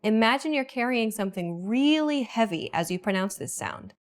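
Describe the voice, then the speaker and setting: A woman giving a scripted pronunciation lesson in a clear, explanatory and measured way. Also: on the high side, expressive. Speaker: pronunciation teacher. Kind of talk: scripted instructional narration.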